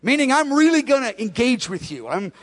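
A man's voice: extremely high pitch, very animated, fairly quick, a bit bright. A male pastor telling a story in a sermon, animatedly acting out both sides of conversations. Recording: long hall reverb.

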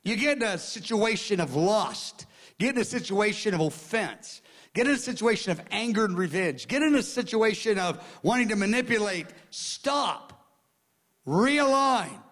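Here a man gives a sermon with earnest conviction, circling back to repeated phrases as he moves from soft murmuring to loud outbursts. His voice is high and expressive, at normal speed.

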